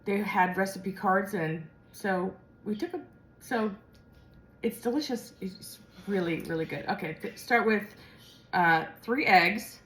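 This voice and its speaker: A woman's voice: medium pitch, a little slow, fairly bright tone, a little hiss or hum. A woman with a General American accent, chatting casually as she cooks in her home kitchen and thinking aloud as she goes. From Midwestern or Western United States. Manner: chatty and rambling, thinking aloud while cooking. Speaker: home cook. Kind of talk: casual cooking vlog. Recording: echoey kitchen with clattering dishes.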